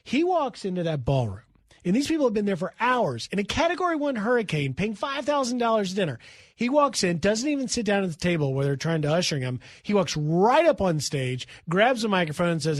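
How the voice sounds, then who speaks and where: A middle-aged man fills in as a radio host and tells a long story in a lively, animated way, now and then acting out the people in it. His voice sits high for a man. The sound is dry and close to the mic, with no room around it. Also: a little fast, no echo.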